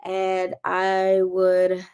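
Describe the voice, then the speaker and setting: Slow-talking woman chatting on a livestream. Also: lowish voice, completely flat delivery, darkish tone, smooth. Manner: chatty, retells conversations, many "like" fillers. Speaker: Christian livestreamer. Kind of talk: casual livestream chat.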